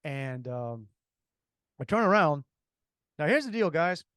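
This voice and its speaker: A man's voice: fairly high pitch, big pitch swings, takes it slowly, fairly bright tone, smooth, no echo, clean studio sound. A man with a Cajun accent, co-hosting a podcast and telling a long rambling story with many restarts. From Louisiana. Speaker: podcast co-host. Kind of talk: casual storytelling.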